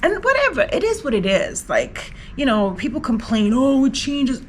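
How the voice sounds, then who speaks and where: A woman's voice: high-pitched, big pitch swings, moderate pace, slight background noise, rough recording. Chatty New woman vlogger. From New York, USA. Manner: emotional, rambling, lots of "like" fillers. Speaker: travel vlogger. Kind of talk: casual personal vlog.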